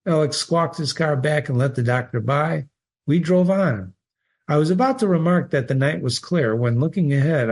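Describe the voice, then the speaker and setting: A man reading a short story aloud in a measured, steady way. His voice sits at a middling pitch. Now and then he trips on a word and restarts. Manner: measured, with occasional slips. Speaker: reader.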